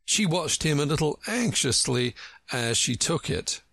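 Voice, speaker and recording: A man narrating a storybook reading in a slow, expressive manner. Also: a little high, no echo.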